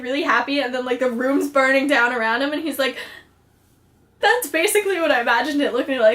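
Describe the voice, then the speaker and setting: A woman's voice: sits high, pushed and bright. A young woman recapping a TV episode in a casual, chatty vlog, full of fillers and acted-out quotes. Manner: bubbly, chatty, frequent "like" fillers, acts out quotes. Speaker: vlogger.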